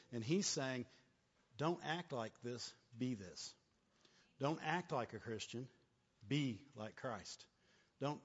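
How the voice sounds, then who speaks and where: A man's voice: medium pitch, husky. A man preaching a sermon as pastor, punctuating his points with "right?" and "amen?", often stammering and laughing. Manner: repetitive call-and-response, frequent "right?" and "amen?". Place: church hall. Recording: long church reverb, dull lo-fi sound.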